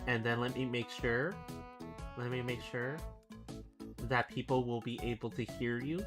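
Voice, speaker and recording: A man's voice: medium pitch, level tone, a little slow. A man streaming casually, laughing often and teasing, stumbling over his words. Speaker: streamer and illustrator. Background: background music.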